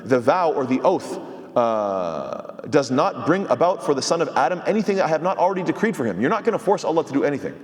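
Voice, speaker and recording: A man's voice: on the high side, big pitch swings, fast talker, big-room sound. A man, an imam, giving a sermon-style commentary on scripture, explaining step by step, quoting Arabic and asking rhetorical questions.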